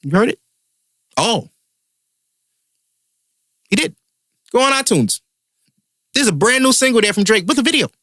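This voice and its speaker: A man's voice: very high voice, very animated, unhurried, long pauses, sharp tone, no room sound, clean studio sound. A man hosting a podcast, a comedian ranting in heated, profane casual chat.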